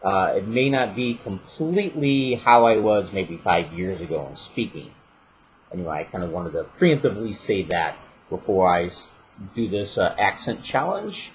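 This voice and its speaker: Low-voiced Midwestern man from St. Louis. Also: normal speed, slight background noise, poor audio. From St. Louis area, Missouri. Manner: relaxed, chatty, self-deprecating asides. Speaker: vlogger and voiceover artist. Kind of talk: casual on-camera word-list reading.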